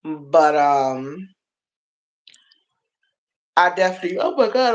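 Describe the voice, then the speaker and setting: A woman's voice: lowish voice, unhurried, muffled recording. A woman in her forties chatting casually on a livestream, motherly and affectionate, laughing often and talking to viewers by name. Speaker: livestream host.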